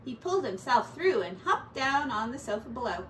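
Expressive teacher reading a children's story. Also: female voice, a little high, moderate pace, few pauses, roomy sound. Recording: distant mic with faint background noise.

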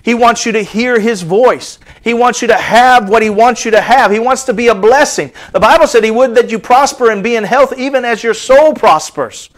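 Preacher, man, 50s, high-pitched voice, sermon delivery with animated rises and hushed asides. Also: normal speed, hardly any pauses. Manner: animated preaching, dropping to soft asides then rising high.

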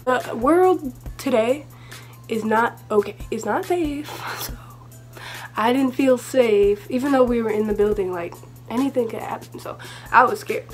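A teenage girl tells a storytime vlog, her voice sitting a little high. She rambles along with plenty of asides and filler words. Faint music plays quietly underneath. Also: unhurried. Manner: chatty, rambling, lots of "like" and asides. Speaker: vlogger.

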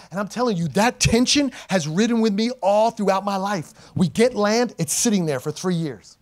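In the church sanctuary, a forties-aged pastor delivers an energetic sermon, moving between booming appeals and quiet stories, sometimes laughing at his own expense. He speaks high-pitched and a little fast, with hardly any pauses.

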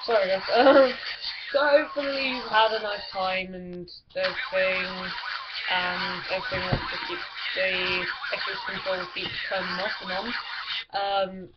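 A woman chatting casually over a video game, giggly, rambling and full of crude jokes. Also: mid-range voice. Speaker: gameplay commentator. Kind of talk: casual gaming commentary with friends. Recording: lo-fi recording with clear background music.

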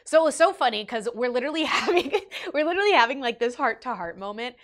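A young woman vlogger telling a personal story in an animated, emotional way, with big swings in her voice. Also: sits high, fast. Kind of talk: storytime vlog.

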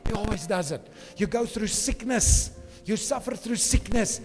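A man's voice: high-pitched, moderate pace. A pastor preaching a sermon with emphasis, often checking in with his congregation by asking "okay?". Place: church. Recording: reverberant church hall with faint music.

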